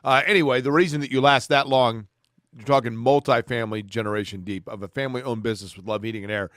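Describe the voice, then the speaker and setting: A man co-hosting a sports talk show, talking in a steady, measured way and reading sponsor spots. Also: mid-range voice, dry recording, clean studio sound. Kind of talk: casual sports talk and live read ads.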